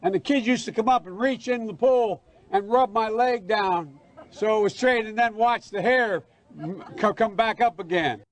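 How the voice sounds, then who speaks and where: High-voiced man telling a stammering story. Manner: stammering, halting. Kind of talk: casual anecdote.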